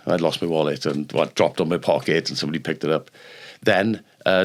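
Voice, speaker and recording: An older Welsh man and former rugby player, telling lively stories on a podcast and acting out the people in them. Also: low voice, brisk. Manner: animated anecdotes, acts out the people in his stories. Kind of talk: casual storytelling.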